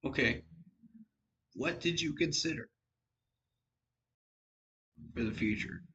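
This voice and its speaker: A man's voice: a little high, slow, a bit bright, lo-fi sound, slight background noise. Tired man rambling about football. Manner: rambling, frank, self-deprecating. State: tired, yawning. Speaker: sports fan vlogger. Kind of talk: casual football commentary.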